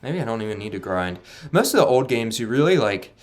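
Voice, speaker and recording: A man casually commentating his own playthrough of a video game, relaxed and somewhat monotone. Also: medium pitch, fairly quick. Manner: relaxed, laid-back, self-described monotone. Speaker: gaming channel host. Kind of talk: casual let's-play commentary. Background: faint game music.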